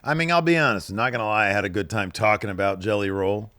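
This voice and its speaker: A man's voice: on the low side, fast, pushed and bright, no room sound. A man co-hosting a podcast, casually recapping wrestling with jokes, swearing and emphatic read-outs of promos. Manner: jokey, reads out promos with emphasis, swears freely. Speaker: podcast co-host.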